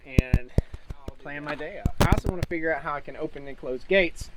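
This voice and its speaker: A man's voice: on the high side, a little fast. A man gives an enthusiastic, explanatory tour of his farm outdoors in the rain. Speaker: farmer. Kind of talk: casual farm tour chat. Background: rain and outdoor noise.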